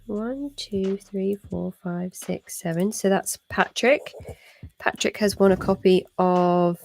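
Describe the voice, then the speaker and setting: A woman's voice: mid-range voice, takes it slowly, vocal fry, slight background noise. A British woman hosting a live charity stream, chatting casually with lots of fillers and restarts. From Britain. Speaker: stream host.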